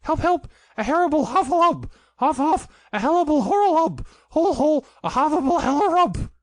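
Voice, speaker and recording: A man reading a storybook aloud and voicing a tiny, timid young male piglet in a high, squeaky, stammering, breathless voice. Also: animated, drawn-out words, creaky, a little mellow, no room sound, full character voice. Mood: panicked.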